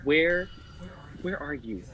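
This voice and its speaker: Tabletop player, excitable, lively pitch, repeats words, chatter behind. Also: takes it slowly, dull audio. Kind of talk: casual in-character play.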